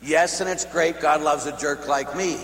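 A man, a Catholic priest, preaching a sermon as an animated storyteller who acts out the dialogue. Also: on the high side, moderate pace. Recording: echoey hall, faint hum.

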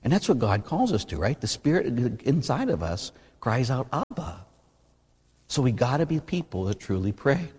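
Brief: male Catholic priest preaching in a church, lively delivery, reverberant room. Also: mid-range voice, normal speed, few pauses, slightly rough. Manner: animated preaching, rising to near-shouting when stirred. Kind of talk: sermon.

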